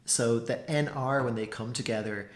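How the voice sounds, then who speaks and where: A man's voice: mid-range voice, normal speed, echoey room. A man giving a casual spoken language lesson, chatty and loose, with plenty of "like" and "so" fillers. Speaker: language teacher.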